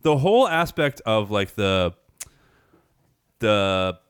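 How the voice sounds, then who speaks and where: A man with a fairly low voice, talking loosely on a podcast about a cheesy horror movie. He rambles, restarts and swears freely, recorded dry and close with no room sound. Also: very animated, slow pace, smooth, dry recording. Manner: rambling, swears freely, loses his train of thought. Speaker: podcast co-host. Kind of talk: casual movie-review chat.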